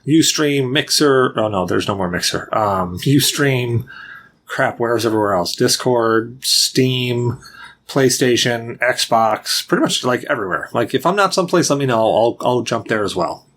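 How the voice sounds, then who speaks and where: A man's voice: medium pitch, animated, measured pace, fairly bright tone, slight background noise. A man hosting a podcast, chatting casually and rambling with lots of fillers and restarts. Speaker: podcast host.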